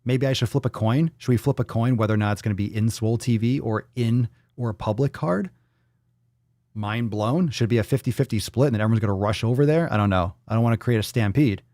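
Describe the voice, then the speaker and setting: Male podcast host, casual livestream chat, rambling and swearing, mid-pitched voice, dry close mic. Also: quick pace, no room sound. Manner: rambling, profane, thinking out loud.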